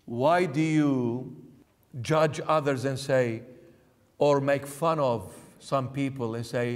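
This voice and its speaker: A man's voice: medium pitch, steady tone, takes it slowly, long reverb tail. A man giving a sermon as a bishop, emphatic and full of rhetorical questions. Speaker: bishop preaching. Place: church.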